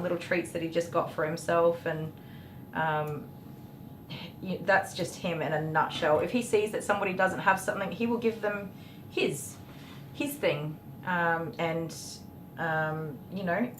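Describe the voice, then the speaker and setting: A woman's voice: steady tone, a little slow, fairly bright tone. Chatty woman in an echoey room. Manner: chatty, frequent ums, openly emotional. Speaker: livestream host answering viewer questions. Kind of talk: casual livestream chat. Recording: echoey room with faint rumble.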